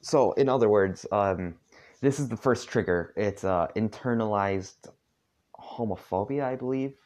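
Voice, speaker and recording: A tired man casually reading a story aloud at home, halting often with asides. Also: lowish voice, a little mellow. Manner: halting, with frequent asides and filler. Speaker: fanfiction reader. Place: dark room at home.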